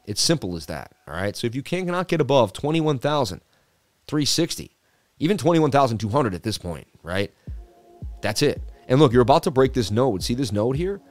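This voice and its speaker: A man's voice: medium pitch, very animated, normal speed, no room sound, soft background music. A man hosting a crypto market livestream, chatting casually and reading viewer comments aloud.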